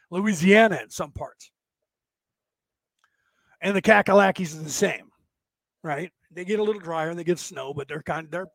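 A man's voice: high-pitched, creaky, no echo. A man from California chatting casually to viewers in a folksy, rambling way, often tagging his sentences with "right?". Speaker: livestream host reading chat.

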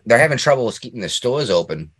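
A man's voice: medium pitch, sing-song, fast talker, a bit bright, slight background noise. A man hosting a podcast in casual chat, rambling, laughing often and ranting with strong opinions. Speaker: podcast host.

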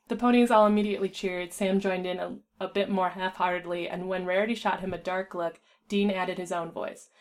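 A woman's voice: on the low side, steady tone, fairly quick, hardly any pauses. A woman reading a fan story aloud, stumbling and restarting now and then. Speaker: fan fiction reader. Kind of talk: casual reading aloud with voices.

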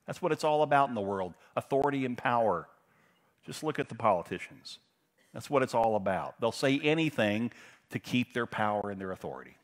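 A middle-aged man preaching a sermon, telling stories in a conversational way and swinging from loud emphasis to hushed, intense passages. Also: medium pitch, animated, brisk. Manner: conversational storytelling with fillers. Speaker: pastor.

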